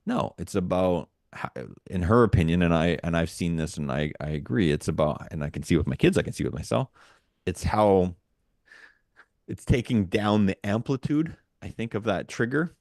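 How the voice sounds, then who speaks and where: A man co-hosting a podcast, with an extremely deep voice. He talks earnestly and rambles, restarting his sentences often. The sound is dry and close to the mic. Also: expressive, moderate pace, a little mellow, no room sound. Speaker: podcast co-host. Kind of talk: casual podcast chat.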